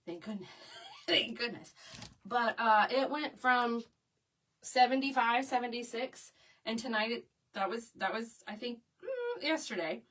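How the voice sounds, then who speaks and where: A woman's voice: on the high side, expressive, a little slow, a bit bright. A middle-aged woman, hosting a crafting live stream in a chatty, easy-laughing way and greeting viewers. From Oklahoma. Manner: chatty, reads viewer comments aloud, laughs easily. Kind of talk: casual live-stream chat. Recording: voice a bit far from the mic.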